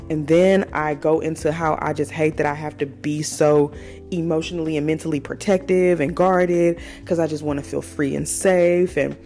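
A woman's voice: deep voice, darkish tone. A woman in her twenties talking candidly in a casual personal monologue, swearing freely and using slang. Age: 20s. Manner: candid, profane, conversational with slang. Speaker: podcast host.

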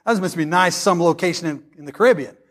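A man with a high voice preaches a sermon with real passion. He reads scripture slowly and dramatically, then speeds up as he teaches and tells stories. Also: fairly bright tone. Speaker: pastor.

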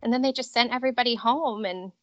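A woman in her thirties, a company director, telling stories in a chatty, animated way as a guest in a casual interview. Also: fairly high pitch, quick pace, no room sound, dull audio. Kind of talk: casual interview over a call. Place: vacation home with traffic outside.

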